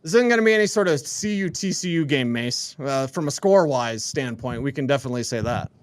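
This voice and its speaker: A man's voice: mid-range voice, animated, fast, dry recording. A man hosting a casual sports radio show. He wraps up with breezy, upbeat patter.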